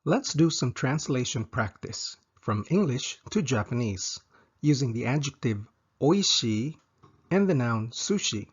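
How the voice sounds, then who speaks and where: A man teaching a language lesson, saying each example slowly and repeating it twice. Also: medium pitch, lively intonation, husky, lo-fi sound.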